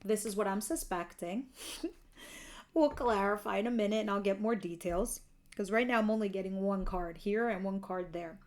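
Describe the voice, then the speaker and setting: A woman's voice: mid-range voice, normal speed, a little mellow. A woman giving a casual tarot reading, chatty and candid, who laughs easily and swears now and then. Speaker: tarot reader.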